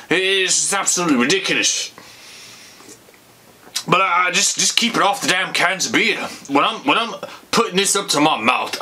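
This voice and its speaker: A man's voice: fairly high pitch, pushed and bright. A man giving a rambling, profane comic rant to camera, slurring and emotional like a drunk, calling his audience folks. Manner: rambling, profane, repeats "folks" and "you bastards". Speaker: comedy vlogger.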